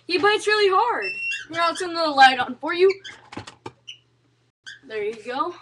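A woman's voice: very high voice, very animated, unhurried, long pauses, very noisy. A young woman casually vlogging at home, chatting to the camera and cooing at her pets. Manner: chatty, talks baby talk to pets. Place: at home indoors.

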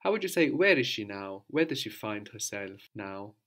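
A man with a lowish voice leads a spoken language lesson. He explains slowly and patiently, quizzes his student and repeats each answer back. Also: big pitch swings, a bit bright. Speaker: language teacher.

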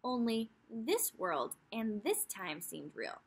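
A woman's voice: on the high side, very animated, slow pace, breathy edge. A woman teacher reading a children's chapter book aloud, telling the story expressively with asides to young listeners.

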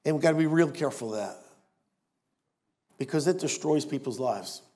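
Older male pastor, high-pitched voice, emphatic sermon delivery with dry humor. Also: lively intonation, normal speed, mellow. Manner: emphatic preaching with wry asides.

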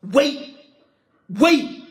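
A woman ranting loudly in a heated monologue, switching between English and Twi, with shouting and sing-song outbursts. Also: sits high, lively intonation, drawn-out words, echoey room. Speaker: social media commentator.

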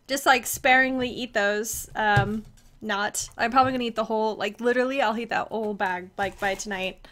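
A woman's voice: fairly high pitch, a bit bright. A woman streamer gushing in a casual live-stream chat while eating, giggly and talking with her mouth full.

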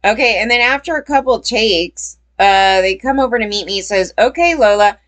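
A woman's voice: a little high, moderate pace, fairly bright tone. A woman giving casual commentary on a story, rambling and breaking into heated quotes.

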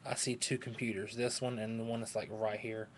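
A man's voice: mid-range voice, little pitch movement, a little fast, slight background noise. Hyper, sleepy man rambling on webcam. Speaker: vlogger. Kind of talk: rambling casual webcam chat.

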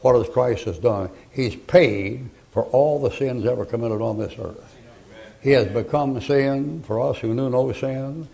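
An older male pastor with a drawl delivers a sermon in a gravelly, rough-edged voice. He spins homespun stories, then suddenly raises his voice to hammer a point home. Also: medium pitch, a little slow, low-quality recording. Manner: folksy storytelling with sudden loud emphatic bursts.

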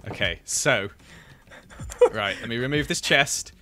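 A young man hosting a gaming video, chatting casually through his play and quick to exclaim when things go wrong. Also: mid-range voice, bright, forceful tone, slight background noise. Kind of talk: casual gameplay commentary.

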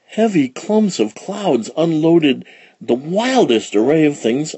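A man reading a children's storybook aloud with expressive, dramatic storytelling. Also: a little high, takes it slowly, breathy edge, dry recording. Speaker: storybook reader. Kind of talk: children's read-along narration.

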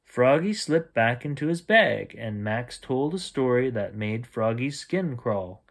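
A man reading a bedtime picture book aloud at an unhurried pace. His voice swings widely, and he plays out every sound effect. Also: mid-range voice. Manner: slow and expressive, with sound effects. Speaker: storyteller. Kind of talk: bedtime story read-aloud.

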